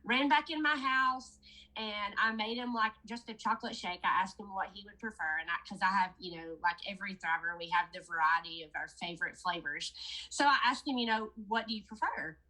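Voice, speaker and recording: A woman's voice: mid-range voice, fairly quick, pushed and bright, rough recording. A woman promoting a product, telling a chatty story to her sales team in a casual training talk. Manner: chatty storytelling, addressing listeners as "you guys".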